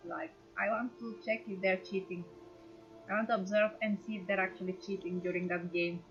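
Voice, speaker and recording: A woman player in a tabletop game, explaining her action deliberately. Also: medium pitch, fairly even intonation, dull audio, soft background music. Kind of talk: casual chat during a tabletop game.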